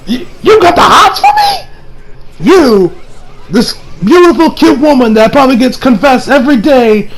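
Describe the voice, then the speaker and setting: A man putting on the voice of a flustered teenage boy, stammering in excited disbelief. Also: very high voice, a little slow, slight background noise, voice pushed up, full character voice, low-quality recording.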